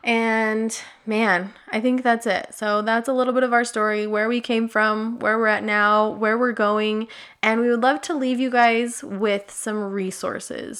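A woman in her thirties with a mid-pitched voice co-hosts a casual podcast. She is upbeat and chatty and laughs easily as she talks. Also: fairly bright tone, clean tone. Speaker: podcast co-host and food blogger.

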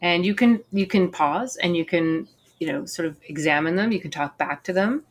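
Female guest expert, slightly low voice, earnest and animated. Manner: earnest, animated explaining with quick asides. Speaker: guest coach for parents and kids. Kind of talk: explaining in casual interview.

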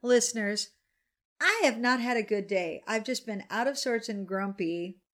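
A woman in her forties with a slightly high voice chats casually on a podcast over a glass of wine. She talks candidly, grumbles about her day and swears freely. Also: lively intonation, normal speed, a bit bright. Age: 40s. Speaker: podcast co-host.

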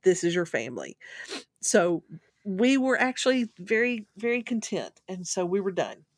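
As a guest, a middle-aged woman wanders through a personal anecdote at a moderate pace and medium pitch, livening up whenever the story turns funny. The audio is studio quality with no echo, and the tone is relaxed and chatty.

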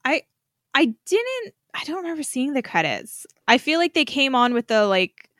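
A woman's voice: sits high, big pitch swings, fairly bright tone, no room sound. Eager woman podcaster, dry close sound. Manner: enthusiastic, laughs easily, quick agreement. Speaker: podcast co-host. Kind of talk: casual fan chat.

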